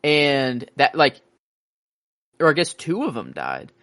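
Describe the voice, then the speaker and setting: A man's voice: mid-range voice, huge pitch swings, takes it slowly, a bit bright, dry recording. A man co-hosting a podcast in loose, rambling casual chat, with lots of fillers and swearing. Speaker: podcast co-host.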